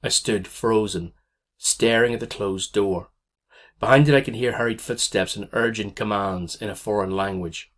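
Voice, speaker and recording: A man narrating a first-person story aloud as an audiobook reader, in a tense, dramatic way. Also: on the low side.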